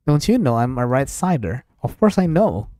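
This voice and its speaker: Slow, expressive man reading game text. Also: medium pitch, no echo. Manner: slow, expressive reading, voicing several characters. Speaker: streamer reading a visual novel aloud. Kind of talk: dramatic read-aloud of game text.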